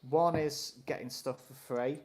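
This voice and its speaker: A man's voice: mid-range voice, steady tone, a little slow, a little mellow. Guy rambling through a story on a live stream, chuckles a lot, ordinary mid voice. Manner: rambling anecdotes, chuckles often. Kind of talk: casual storytelling chat.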